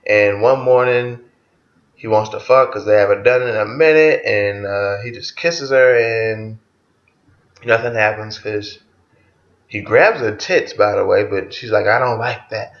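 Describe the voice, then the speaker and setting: A man's voice: on the low side, unhurried, reverberant, dull audio. A man giving a casual spoken album review, loose and profane as he retells songs track by track.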